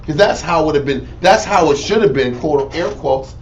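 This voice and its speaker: A man's voice: fairly high pitch, lively intonation, normal speed, muffled recording. A man leading a casual group Bible study, talking in slang and commenting on scripture readings. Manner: loud, laughing storytelling, slangy. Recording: distant mic, faint noise.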